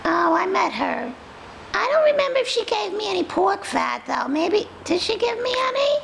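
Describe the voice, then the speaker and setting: A woman's voice: sing-song, moderate pace, background noise, full character voice. A woman voicing a sassy, food-loving female pet dog with a New York accent, rambling and confiding. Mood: chatty. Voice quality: very high, gravelly. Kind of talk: comic pet voice role-play.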